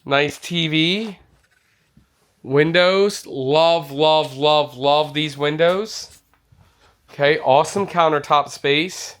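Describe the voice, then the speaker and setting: A man's voice: a little high, takes it slowly, a bit bright. A man touring an indoor RV show, giving an enthusiastic walkthrough and exclaiming over features. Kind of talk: walkthrough vlog.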